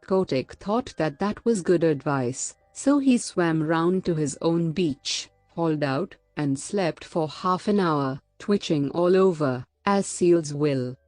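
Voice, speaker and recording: Woman storyteller, calm and measured, mellow low voice, dry close sound. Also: no room sound, soft background music. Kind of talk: storybook reading.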